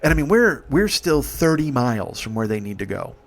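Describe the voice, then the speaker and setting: A man's voice: medium pitch, big pitch swings, moderate pace, gravelly. Brief: comedian in his 40s, profane rambling storyteller, middle-range voice. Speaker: comedian host. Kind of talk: comic storytelling monologue.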